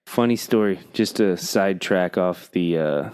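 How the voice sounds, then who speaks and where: A man in loose podcast banter, his voice sitting very low with a clean, resonant ring. He rambles through stories and does not mince words. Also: unhurried, darkish tone, clean tone. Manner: rambling storyteller, blunt and profane. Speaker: podcast co-host; coach. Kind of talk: casual chat.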